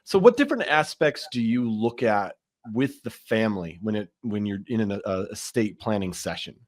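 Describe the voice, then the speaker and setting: A man's voice: fairly low pitch, animated, no echo, studio quality. A man hosting a podcast interview, asking questions and adding casual, conversational asides. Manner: conversational, quick reactions and asides. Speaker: podcast host.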